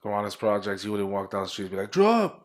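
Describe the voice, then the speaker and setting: A man's voice: fairly low pitch, completely flat delivery, rapid-fire. A man co-hosting a casual podcast, rambling and hedging with plenty of "you know" as he works toward his point. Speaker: podcast co-host. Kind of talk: casual political chat.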